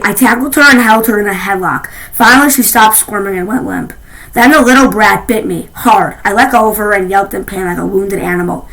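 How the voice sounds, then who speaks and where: A woman reading a children's novel aloud, expressive, with frequent restarts. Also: medium pitch, fast, poor audio. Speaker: reader.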